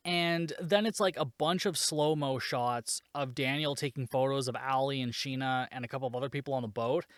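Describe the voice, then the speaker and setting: Snarky guy rambling thru a movie recap, mid-pitch voice, dry close sound. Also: no room sound. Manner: sarcastic, swears freely, laughs at the plot. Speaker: podcast host reviewing a movie. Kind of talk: casual solo recap.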